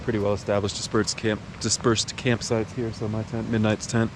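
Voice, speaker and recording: A young thru-hiker's voice sits on the low side, with little pitch movement and a normal speed, as he narrates a hiking vlog outdoors. His talk is relaxed, rambling and full of filler. Recorded on a mountain trail along a highway, the clip carries outdoor noise, traffic sounds and wind.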